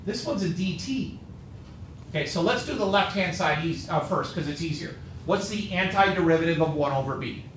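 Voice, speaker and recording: A man's voice: high voice, animated, normal speed, a bit bright. Tired math teacher guy cracking jokes at the board, roomy echo, faint hiss. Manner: joking, tired, talks to students by name. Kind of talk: classroom lecture. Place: classroom. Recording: echoey classroom with faint noise.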